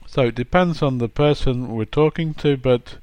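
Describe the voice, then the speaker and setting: An English teacher from England gives a chatty, playful grammar lesson, acting out his example sentences. His voice is medium-pitched and darkish, at normal speed, on a muffled recording with no echo.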